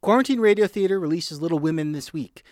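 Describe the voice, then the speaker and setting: A man reporting a news feature, reading a script in a clear, measured way. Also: a little high, a little mellow, no echo, studio quality.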